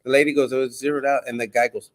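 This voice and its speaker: A middle-aged man telling his story in a relaxed, conversational way. His voice moves up and down a lot, and he acts out what others said. He speaks at an ordinary pitch for a man. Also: rapid-fire. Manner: animated, acts out quotes. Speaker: guest. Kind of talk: casual storytelling.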